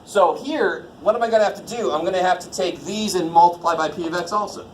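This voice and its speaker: A man's voice: sits high, fast talker. Casual, joking man lecturing in an echoey room. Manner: informal, jokey, swears casually, quizzes the class. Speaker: college math instructor. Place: classroom. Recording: echoey classroom with faint noise.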